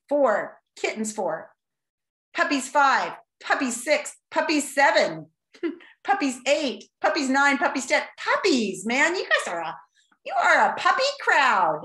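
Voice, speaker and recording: A woman teacher running a playful class vote on a video call, animated, exclaiming and laughing often. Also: high voice, roomy sound.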